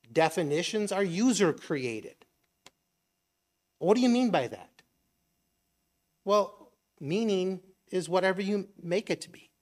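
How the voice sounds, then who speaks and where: A middle-aged man giving a conversational sermon, asking rhetorical questions and briefly acting out imagined voices. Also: on the high side. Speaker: preacher.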